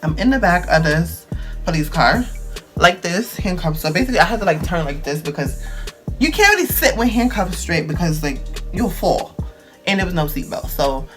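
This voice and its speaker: A man's voice: high-pitched, normal speed, soft background music. Dramatic young man telling a story. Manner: dramatic, animated storytelling with slang. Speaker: vlogger. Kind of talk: storytime vlog.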